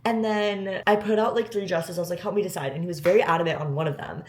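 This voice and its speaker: A woman's voice: on the low side, fast, a little mellow. A woman in her twenties tells a personal story in a vlog, emotional and near tears, with many filler words. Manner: emotional, gushing, close to tears. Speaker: vlogger.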